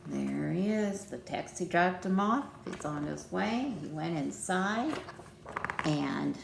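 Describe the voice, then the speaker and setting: A woman reading a picture book aloud to children, gentle and playful, inviting them to join in. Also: on the low side, expressive, slow pace, gravelly, reverberant, background noise.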